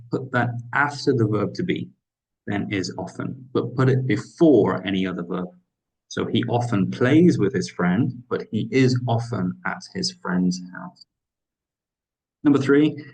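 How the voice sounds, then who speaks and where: Slow, patient male English teacher. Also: on the low side, rough recording. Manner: patient, explains step by step, checks in with "right?". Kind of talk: grammar lesson walkthrough.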